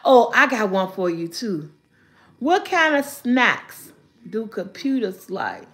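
A woman's voice: mid-range voice, sing-song, slow, a bit bright. An older woman hosting a casual live vlog, chatting with viewers, reading their comments aloud and laughing often. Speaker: vlogger.

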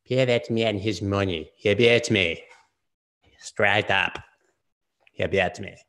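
A man's voice: lowish voice, takes it slowly, a bit bright. A man doing a hammy gangster. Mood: mock menace. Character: man doing a mock Russian gangster impression.

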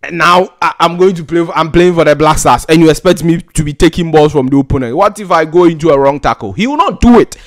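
A man's voice: a little high, fast, hardly any pauses. A man with a Ghanaian accent giving an exasperated, repetitive football rant, laughing in disbelief at times. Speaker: football pundit. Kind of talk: ranting football commentary.

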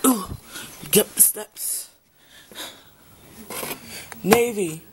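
A woman's voice: medium pitch, very slow. A woman talking in a casual, slangy way during an amateur reality-show role-play. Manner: casual slangy back-and-forth. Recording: noisy home recording.

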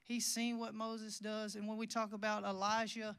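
Casting: young male preacher, high voice, smooth and clear, folksy storyteller who rambles. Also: monotone, moderate pace, fairly bright tone. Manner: folksy, rambling with restarts and quoted dialogue. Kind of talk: storytelling sermon.

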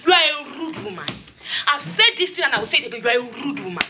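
A woman with a Nigerian accent playing a hot-tempered, insulting tenant who scolds loudly. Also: high-pitched, animated, quick pace, noisy background. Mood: furious. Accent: Nigerian English. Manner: loud, scolding, mocking. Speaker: angry tenant.

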